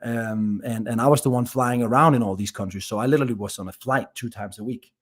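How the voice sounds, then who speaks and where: A man's voice: medium pitch, fast talker. Danish-accented man telling stories. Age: 30s. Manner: energetic, many restarts and repeated words. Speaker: guest entrepreneur. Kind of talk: casual storytelling interview.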